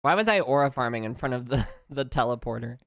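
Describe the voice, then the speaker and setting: A man's voice: medium pitch, lively intonation, quick pace, creaky, a bit bright, dry recording. A young man streaming a game, bantering with his chat in a joking, exasperated way. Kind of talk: casual live-stream commentary.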